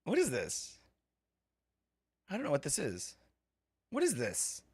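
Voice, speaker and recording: A man streaming a game live, rambling excitedly, laughing and swearing as he reacts to chat. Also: fairly high pitch, slow, slightly rough, no room sound, studio quality.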